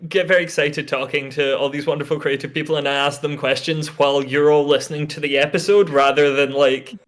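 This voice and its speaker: Eager man with a fairly high voice. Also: flat delivery, brisk. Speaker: production manager. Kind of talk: casual livestream chat.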